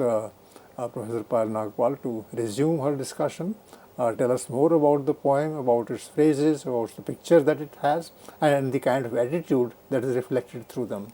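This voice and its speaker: A man with a mellow, mid-pitched voice introduces a lecture. He speaks politely and formally, pausing often on small fillers. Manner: polite, hesitant, many fillers. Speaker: lecture moderator.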